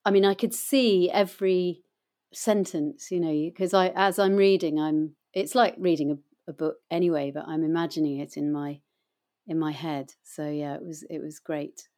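A woman's voice: low voice, fairly even intonation, normal speed, warm tone. Chatty middle-aged woman actor. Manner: chatty, anecdotal, with many fillers. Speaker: guest, voice actor and audiobook reader. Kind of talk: casual interview chat.

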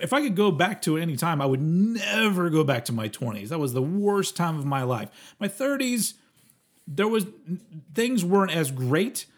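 A man in his forties co-hosting a casual podcast, talking in a rambling, halting way with plenty of fillers and swearing. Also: fairly high pitch, husky. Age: 40s. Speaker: podcast co-host. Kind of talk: casual chat.

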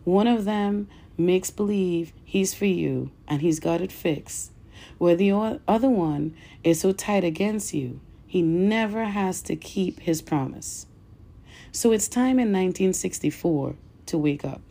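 A woman with a low, gravelly voice hosts a podcast and speaks straight to her listeners. Her tone is mellow and dark. She reads aloud with earnest emphasis and stumbles now and then. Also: a little slow. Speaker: podcast host. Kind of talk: podcast commentary and reading aloud.

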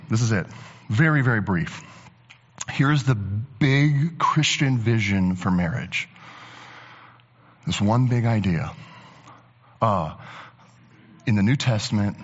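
A man preaching a sermon as a pastor, talking conversationally and building to animated emphasis. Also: fairly low pitch, unhurried, long pauses. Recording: long church reverb, dull lo-fi sound.

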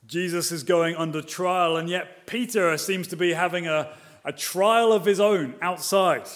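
A man preaching a sermon, moving between emphatic and quiet passages and asking rhetorical questions. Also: sits high. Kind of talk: expository sermon.

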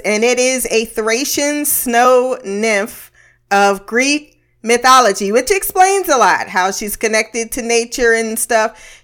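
A woman's voice: fairly high pitch, fairly bright tone, clean tone. A woman giving a casual, blunt recap of a TV episode, swearing freely and laughing often between remarks. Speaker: TV episode reviewer.

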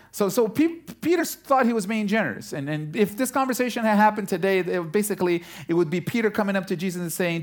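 A male pastor delivers a sermon, telling the story with lively energy. He stretches key words and leans into them for emphasis. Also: high voice. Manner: animated storytelling, slowing down for emphasis.

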